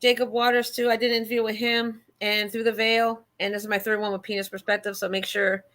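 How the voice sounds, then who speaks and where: Woman host for a livestream panel, bright and high, chatty and rambling with lots of ums. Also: little pitch movement, fast talker. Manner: rambling, heavy with um and restarts. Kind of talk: casual livestream panel chat.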